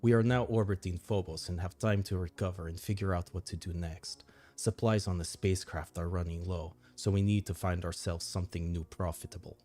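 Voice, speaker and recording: A man reading game text as a calm male adviser giving a flat, quiet briefing to his boss. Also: low-pitched, fairly quick.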